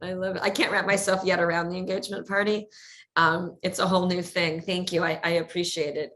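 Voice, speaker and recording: Energetic middle-aged woman, low voice. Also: fairly quick. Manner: energetic, laughs often, repeats words as she talks. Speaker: guest. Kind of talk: casual interview chat.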